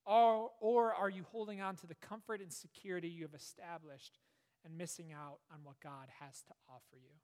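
A man preaching a sermon, earnest, with rises and falls and hushed, prayerful passages. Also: high voice, fairly even intonation, normal speed. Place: church. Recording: long reverb of a hall.

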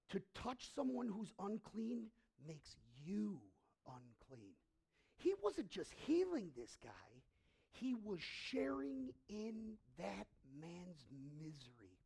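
A man preaching a sermon as pastor in a church, telling the story dramatically and swinging between loud, emphatic bursts and hushed passages. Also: high voice, wildly swooping pitch, slow, creaky, breathy edge.

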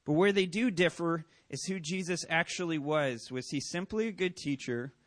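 A male pastor preaching in a church with a fairly high voice. He tells a story and acts out the quoted voices with animated energy. The sound is dry, close and without room echo. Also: normal speed. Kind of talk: sermon.

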